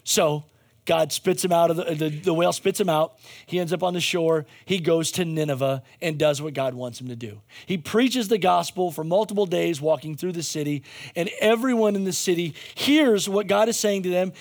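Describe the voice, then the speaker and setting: A man's voice: a little high, normal speed. A male pastor giving a conversational sermon, telling a story with jokey asides and frequent restarts.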